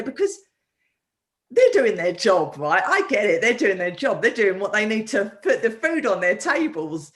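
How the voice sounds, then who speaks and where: A woman hosting a live online talk as a coach, animated and often restarting her sentences over a video call. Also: mid-range voice, normal speed. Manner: animated, with many repeated restarts. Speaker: host and coach.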